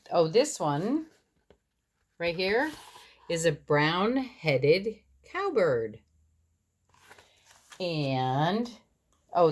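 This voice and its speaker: A woman reading a children's picture book aloud in an expressive way, and then talking about the birds in it. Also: low-pitched. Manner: expressive, slow and lively.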